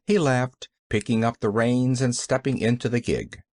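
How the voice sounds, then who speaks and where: A man reading a classic novel aloud as an audiobook narrator with animated storytelling. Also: mid-range voice, moderate pace, few pauses, no room sound, studio quality. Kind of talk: scripted narration.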